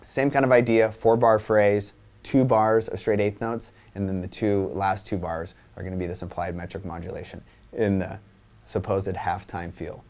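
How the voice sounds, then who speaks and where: Low-voiced male drum teacher counting beats. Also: level tone, moderate pace, a little mellow. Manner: counts rhythms aloud while explaining; casual, repeats "right?" and restarts. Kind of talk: instructional lesson.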